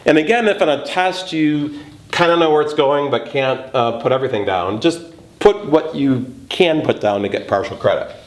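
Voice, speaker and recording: A man's voice: fairly high pitch, animated. A man teaching a geometry lesson, thinking aloud as he works through a proof step by step. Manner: slow, thinking aloud while working a proof. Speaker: math teacher. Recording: roomy recording with faint noise.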